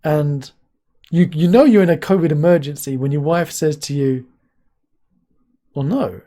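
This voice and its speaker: Guy streaming live, mellow voice, laughs a ton, yelps high when excited. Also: normal speed. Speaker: streamer host. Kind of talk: casual live-stream chat.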